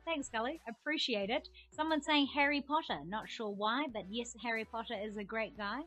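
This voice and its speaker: A young woman hosts a live trivia stream in an upbeat, chatty way, her voice sitting fairly high. She reads each question and the viewers' comments aloud. Faint music plays softly behind her. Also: normal speed, few pauses. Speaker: trivia game host. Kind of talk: live-streamed quiz hosting.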